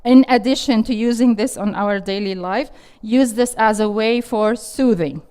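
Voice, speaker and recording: In a classroom before a live audience, a middle-aged parenting instructor leads an interactive workshop. Her voice is a little high, mellow and smooth at normal speed, and she restates audience questions and encourages people.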